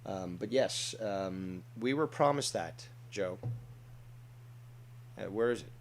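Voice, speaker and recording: A man's voice: on the low side, lively intonation, slow, slight background noise. Blunt, mocking male commentary host. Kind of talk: reaction commentary.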